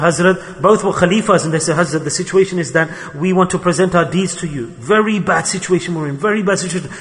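A man giving an emotional sermon, retelling stories in an animated way and voicing the people in them. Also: high-pitched, long reverb tail. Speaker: Islamic preacher. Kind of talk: sermon with storytelling.

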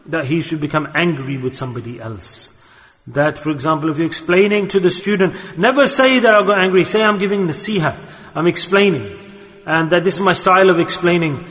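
A man giving a sermon on a hadith, quick and emphatic, firing rhetorical questions at the audience. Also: high voice, fairly bright tone. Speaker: preacher. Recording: long hall reverb.

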